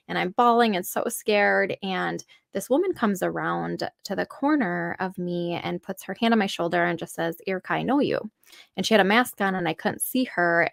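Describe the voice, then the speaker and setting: A woman's voice: mid-range voice, gravelly, dry recording, studio quality. A woman in her thirties, a podcast guest, telling a personal story earnestly, full of fillers and acted-out quotes.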